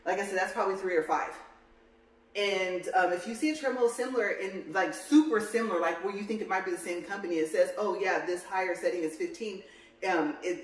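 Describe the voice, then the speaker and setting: A medium-pitched woman records a casual walk-and-talk vlog on a treadmill in a room at home. Out of breath, she rambles and corrects herself, picked up in a roomy, distant home recording.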